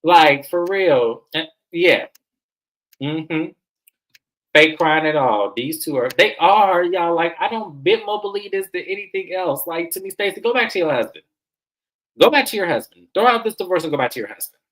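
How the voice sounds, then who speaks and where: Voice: medium pitch, expressive, normal speed, a bit bright, poor audio. A reality TV recap host giving casual, sassy commentary and repeating phrases for emphasis.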